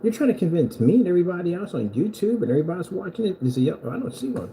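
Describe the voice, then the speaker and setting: A man's voice: sits high, very animated, very fast, dark tone, slight background noise, rough recording. A man who sells screen paint, delivering a heated, mocking reaction rant at a rival. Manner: mocking, combative.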